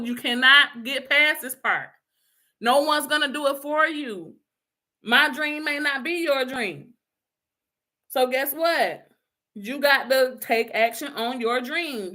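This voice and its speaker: Speaking in a high, sharp voice, a middle-aged life coach delivers an emphatic pep talk. She repeats her urgings again and again, sometimes breaking into laughter as she pokes fun at herself.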